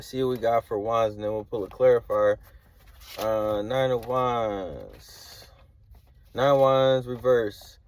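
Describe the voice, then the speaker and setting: A man's voice: mid-range voice, takes it slowly. A man giving a casual tarot reading, rambling and hedging with slangy filler talk. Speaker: tarot reader.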